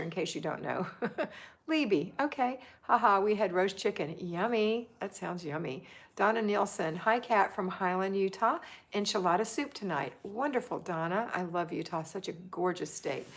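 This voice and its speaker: A middle-aged woman hosting a live homemaking chat, reading viewer comments aloud and cheering them on. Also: on the low side. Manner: chatty and encouraging, reads comments aloud.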